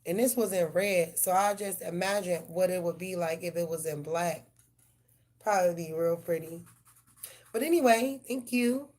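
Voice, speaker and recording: A woman's voice: fairly low pitch, normal speed, a little mellow. A woman hosting a live tarot stream, chatting casually with viewers in a loose, profane, slang-filled way. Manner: addresses viewers directly.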